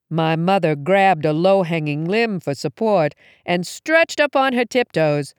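A woman reading a first-person story aloud in an expressive, dramatic way. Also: on the low side, unhurried, few pauses, clear, resonant tone, dry recording, studio quality. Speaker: audiobook reader.

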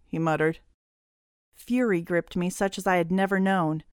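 Woman reading a novel aloud, low smooth voice, dry close sound. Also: fairly even intonation, normal speed, dry recording. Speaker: audiobook narrator. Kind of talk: first-person audiobook narration.

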